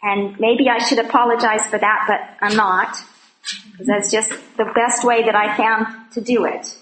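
A woman's voice: fairly high pitch, steady tone, measured pace, a bit bright, echoey room, poor audio. A woman teaching a women's Bible study, reading scripture verses and speaking conversationally with joking asides and earnest personal testimony.

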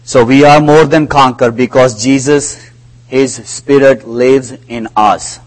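A man delivering a sermon at a slow, measured pace. His phrasing is non-native and deliberate, and he lowers his voice when he recounts conversations. His pitch sits in an ordinary middle range. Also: fairly even intonation, low-quality recording. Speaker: preacher.

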